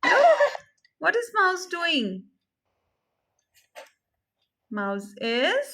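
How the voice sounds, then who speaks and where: A woman speech therapist teaching a child with a story, slowly repeating her prompts and questions. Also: very high voice, wildly swooping pitch, a bit bright. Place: therapy session room.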